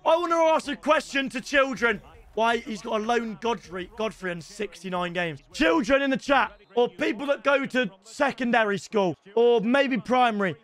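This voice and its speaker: Excitable young British male streamer, high and sharp, swears, shouts. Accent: British English. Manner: excitable, swears, shouts at the game, addresses viewers as lads. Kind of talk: live gaming commentary.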